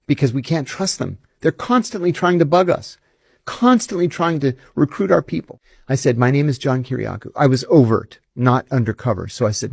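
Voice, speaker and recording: Gravelly male ex-intelligence officer, emphatic, indignant interview storyteller, dry close sound. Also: mid-range voice, darkish tone, no room sound.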